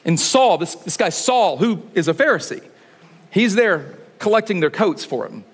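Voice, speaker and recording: With a breathy edge and an animated manner, a male pastor preaches at a moderate pace. His sermon feels conversational, packed with rhetorical questions, and he regularly lowers his voice to a quiet register for emphasis.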